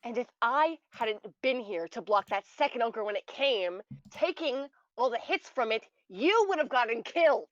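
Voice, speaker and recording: A woman speaking as an exasperated warrior who lectures a reckless ally with indignant force. Her voice is fairly high and very dry, and the recording is slightly dull and lo-fi. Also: animated, normal speed, few pauses, no room sound, lightly acted. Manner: scolding, indignant.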